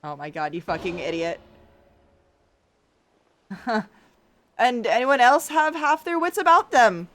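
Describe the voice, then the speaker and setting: A woman streamer giving casual, excitable gaming commentary, laughing often and swearing freely. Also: a little high, slow pace, long pauses. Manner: giggly, swears a lot, excitable.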